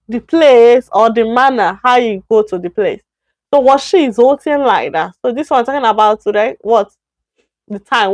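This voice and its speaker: A woman with a Nigerian accent teaching a beginner Chinese lesson on a live stream, slowly repeating words and correcting herself. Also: a little high, dry recording, studio quality.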